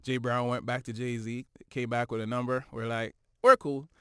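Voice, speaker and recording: A man talks through his stories in a relaxed, animated way, often tagging on "you know what I'm saying". His voice sits mid-range and comes through smooth and clear. The recording is dry and close. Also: medium pitch, normal speed, dry recording. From Toronto, Canada. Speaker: guest musician. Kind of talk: casual interview chat.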